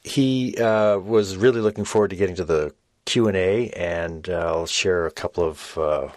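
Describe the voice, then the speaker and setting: An older man hosting a podcast, reflecting thoughtfully and haltingly with many fillers. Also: sits low, a little mellow, dry recording. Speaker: podcast host.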